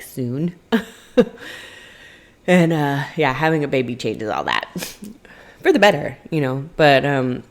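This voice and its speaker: A young woman hosting a podcast, telling a personal story in a casual, rambling way with many fillers and self-corrections. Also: low-pitched. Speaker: podcast host.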